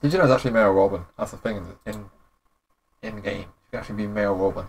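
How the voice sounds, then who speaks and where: A young man with a husky, slightly low voice, talking his way through gaming commentary. His delivery is relaxed and rambling, full of slang and offhand reactions. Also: fast talker. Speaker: gaming YouTuber. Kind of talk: casual commentary.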